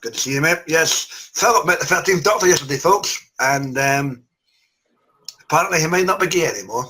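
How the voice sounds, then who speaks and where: Bright-voiced jokey male podcast host. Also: on the high side, animated, a little fast, husky, poor audio. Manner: jokey, rambling with fillers. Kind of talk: casual podcast chat.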